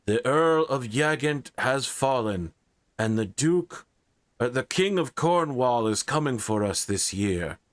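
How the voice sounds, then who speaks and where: A man voicing a pained male king who speaks to the players through a magic axe, in a slow and formal way. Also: medium pitch, animated, no room sound. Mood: regal, grave. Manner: slow, formal, regal speech.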